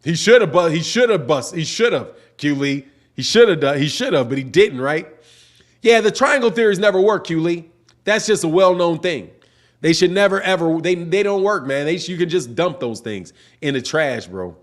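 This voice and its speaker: A man's voice: a little high, expressive, moderate pace. A man in his forties hosting a casual livestream, reading chat comments aloud in a slangy, rambling way. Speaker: boxing channel host.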